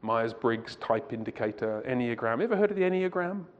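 A man's voice: mid-range voice, lively intonation, brisk, big-room sound. A man giving a conversational lecture to a church audience as a Christian conference speaker. He asks the audience rhetorical questions and digresses, heard in a muffled recording.

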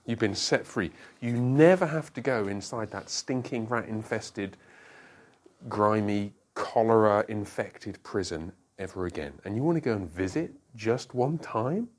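A man teaching an interactive Bible study, asking the group questions and explaining with quick asides. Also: medium pitch.

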